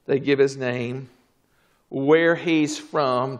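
A man preaching a fervent sermon, swinging from low murmurs to shouted exclamations. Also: sing-song, slow pace.

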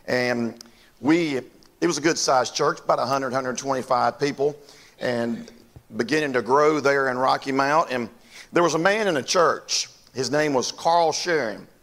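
An older man preaches a sermon in a gravelly, fry-tinged voice at a middling pitch. He leans into folksy stories and talks straight to the people in the pews. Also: normal speed, fairly bright tone. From North Carolina, US. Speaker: pastor.

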